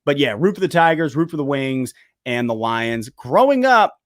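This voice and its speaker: A young man hosting a live sports stream, chatting casually and excitably while answering viewer questions. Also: medium pitch, normal speed, no room sound, clean studio sound. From United States. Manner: casual, excitable, talks to chat directly. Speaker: sports channel host.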